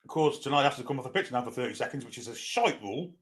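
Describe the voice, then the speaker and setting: A man's voice: medium pitch, lively intonation, racing, fairly bright tone. A man co-commentating a match for fans, blunt and sweary, laughing often. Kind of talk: fan watchalong banter.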